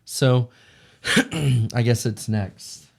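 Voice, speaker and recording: A man's voice: mid-range voice, drawn-out words, creaky. A man co-hosting a casual talk, chiming in with short remarks before telling his own story. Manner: relaxed, chimes in with short remarks. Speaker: co-host.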